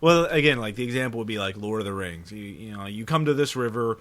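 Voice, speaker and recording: A man's voice: on the low side, animated, fast, fairly bright tone. A man co-hosting a podcast, chatting casually and a bit pedantically about tabletop role-playing games. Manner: pedantic, chatty, laughs easily. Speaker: podcast co-host.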